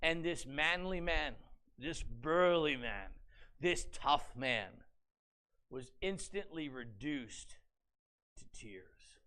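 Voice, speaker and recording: Bright-voiced, animated male pastor preaching. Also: on the high side, slow. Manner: animated storyteller, dramatizing scripture with rhetorical questions. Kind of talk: sermon. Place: church sanctuary.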